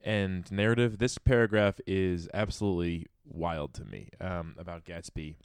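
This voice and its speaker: A man with a fairly low voice chats loosely about a novel, trading jokes and asides with a friend. He sometimes slows down to read a passage aloud. The sound is dry and close, with little room in it. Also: clean tone, no room sound. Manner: chatty, jokey, reads passages aloud slowly. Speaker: podcast co-host discussing a novel. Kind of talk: casual book-club chat.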